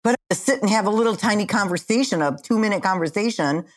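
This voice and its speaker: A retired woman in her sixties, chatting casually as a podcast co-host in an animated, self-mocking way. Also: medium pitch. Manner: animated, chatty, quick to laugh at herself. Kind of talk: casual chat.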